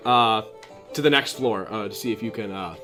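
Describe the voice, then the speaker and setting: A man's voice: on the low side, moderate pace. A man narrating a tabletop game as game master, rambling with many fillers and breaking into character voices. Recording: faint background music.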